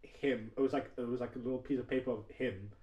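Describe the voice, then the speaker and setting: A man co-hosting a casual podcast, animated and quick to laugh, leaning on filler words. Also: mid-range voice, reverberant, far from the mic. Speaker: podcast co-host.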